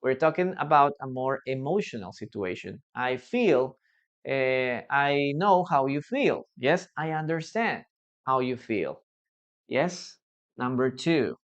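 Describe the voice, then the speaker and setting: In this dull-sounding clip, an English teacher teaching live online reads students' sentences and gently corrects them. The voice sits at medium pitch, moves slowly and is expressive, and points tend to finish with an inquiring "no?".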